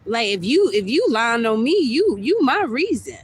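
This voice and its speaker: A woman's voice: a little high, sing-song, normal speed, slightly rough. A young adult woman ranting on a livestream, heated and repetitive, stumbling over her words as she circles back to the same complaints. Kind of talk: livestream rant.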